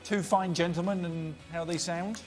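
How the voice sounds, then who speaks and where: A man's voice: sits high, moderate pace, faint music behind. A man hosting a football podcast, reading listener questions and teasing his guests in a playful way. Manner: playful, lively, prompting the others. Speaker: podcast host. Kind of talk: casual podcast chat.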